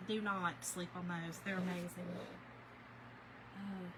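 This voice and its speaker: A woman hosting a crafting livestream, chatting with viewers in an animated, storytelling way while she works. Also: lowish voice, slow, background noise. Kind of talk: casual chat while crafting, reading viewer comments.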